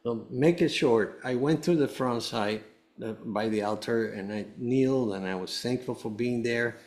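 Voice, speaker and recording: This cancer survivor, a male guest on a show, has a medium-pitched, darkish voice at a normal speed. His earnest personal testimony to the host wanders, and he frequently starts his sentences over.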